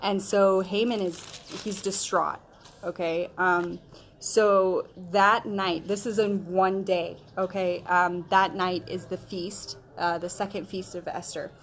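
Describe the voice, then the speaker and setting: A woman's voice: on the low side, steady tone, slow, slight background noise. Woman, Bible study teacher, casual, storytelling, chatty, slangy asides. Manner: conversational storytelling, retelling scripture in modern slang; chatty, with frequent fillers like okay and um.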